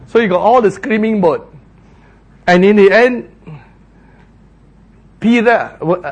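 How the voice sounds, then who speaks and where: A male preacher delivering a sermon with a high, very lively voice. He takes his time and drags out words for drama. He bursts into shouts when he acts out the people in the story. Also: slightly rough.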